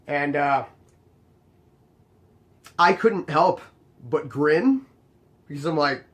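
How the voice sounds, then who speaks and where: This young man, whose voice is a little high, speaks very slowly as he casually describes an incident from his bouncer job. Exasperated and lively, he performs both sides of the dialogue.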